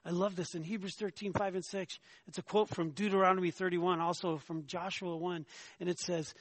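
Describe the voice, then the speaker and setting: A man preaching a sermon, emphatic, often asking his listeners "right?" and rising in pitch when he argues a point. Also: level tone, brisk, fairly bright tone, no room sound. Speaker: pastor.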